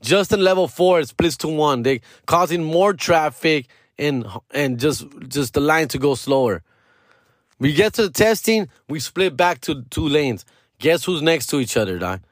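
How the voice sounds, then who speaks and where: A man's voice: a little high, a little slow, dry recording, studio quality. Profane, slangy Chicano-accented man. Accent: Chicano English with Spanish mixed in. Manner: profane, slangy, animated storytelling. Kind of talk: casual storytime rant.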